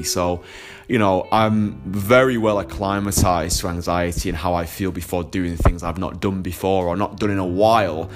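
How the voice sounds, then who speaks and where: Young man, slightly low voice, dating coach, casual vlog story, blunt and sweary, frequent laughter, faint background music. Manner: candid, heavily profane, laughs often.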